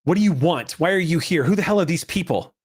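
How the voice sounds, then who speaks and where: A man's voice: fairly high pitch, expressive, fast, husky, pitched above the performer's own voice. A man voicing a tense woman under pressure in a tabletop game, speaking urgently and defensively.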